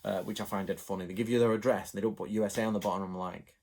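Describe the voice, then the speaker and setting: A man from England chatting to his viewers in a rambling, animated way, going off on asides. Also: fairly low pitch, very fast, vocal fry. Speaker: channel host. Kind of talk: casual chat to camera.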